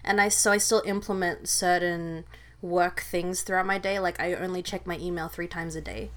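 A woman's voice: lowish voice, fairly even intonation, normal speed. Chatty Australian woman. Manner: chatty, storytelling, lots of likes and ums. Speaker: filmmaker guest. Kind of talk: casual conversation.

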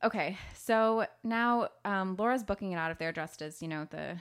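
A woman co-host walks through a film scene by scene in loose, chatty talk. She laughs easily and slips into quick bits of character voices while recounting the plot. Her voice sits at an ordinary middle pitch. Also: clean tone. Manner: animated storytelling with quick laughs. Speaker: podcast co-host. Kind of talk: casual movie recap chat.

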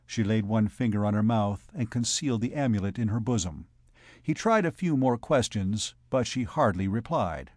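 A man narrating a classic novel as an audiobook in a steady, even reading. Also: lowish voice, normal speed, no room sound, clean studio sound. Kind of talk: scripted narration.

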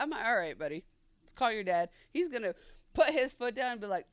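Woman co-host, lively story-teller, higher voice, dry close sound. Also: fast, no echo. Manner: animated storyteller, acts out quotes, laughs often. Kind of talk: casual chat.

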